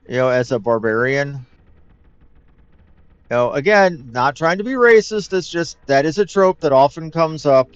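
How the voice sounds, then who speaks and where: A man's voice: a little high, smooth, no echo. Wry man chatting over game play. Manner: chatty, wry, rambling asides. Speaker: let's play host. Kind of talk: casual gameplay commentary. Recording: dull lo-fi mic with game music.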